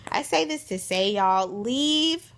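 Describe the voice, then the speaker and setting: A woman's voice: on the high side, slow pace. Exasperated young woman ranting. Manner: exasperated, animated, retells exchanges in quoted voices. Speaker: vlogger. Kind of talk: casual storytelling rant.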